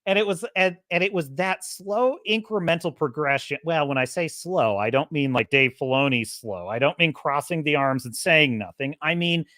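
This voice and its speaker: A woman's voice: low-pitched, dry recording, clean studio sound. A woman hosting a podcast, ranting in a sarcastic, casual way, laughing often and mimicking characters. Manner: animated, swings loud and soft. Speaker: podcast host. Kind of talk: casual opinionated rant.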